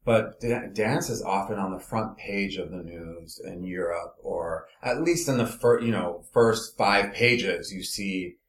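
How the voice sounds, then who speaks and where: Guy from LA telling his life story, kinda low voice, echoey room. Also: measured pace, few pauses. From Los Angeles. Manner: animated storytelling, trailing off and restarting. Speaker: interview guest. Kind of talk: casual conversational interview.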